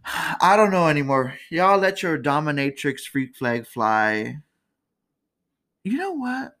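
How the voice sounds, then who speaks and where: A woman's voice: deep voice, very animated, slow, a bit bright. A woman hosting a casual comedic commentary, chatty and candid, laughing often. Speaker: podcast host.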